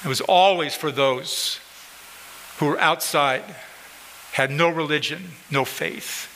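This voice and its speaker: A pastor delivers an emphatic, repetitive sermon at a slow pace, his slightly high voice bright and forceful. He calls out people in the congregation directly. The church sanctuary gives a big-room sound, and the poor recording carries some hiss or hum.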